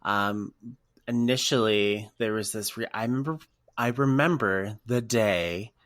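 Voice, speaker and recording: A man co-hosting a casual podcast, telling stories in an emotional, animated way. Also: fairly low pitch, unhurried, no room sound, studio quality. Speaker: podcast co-host.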